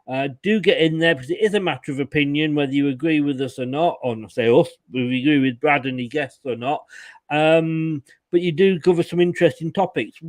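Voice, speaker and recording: A man's voice: fairly high pitch, fairly quick, no echo. A man hosting a casual fan-channel chat, rambling and joking, often correcting himself mid-sentence. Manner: rambling, self-correcting, jokey. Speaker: fan channel show host.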